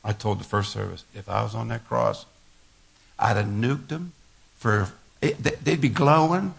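An older male pastor delivers a folksy sermon packed with stories, laughter and repeated words. His voice sits fairly low and sounds gravelly and husky, and he takes his time.

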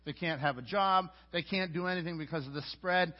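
A pastor with a high voice preaches in a loose, conversational way, often tripping over words and starting phrases again. The audio is dull and lo-fi, with the top end muffled. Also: male voice, fairly quick. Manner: conversational preaching with frequent stammered restarts. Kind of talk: sermon.

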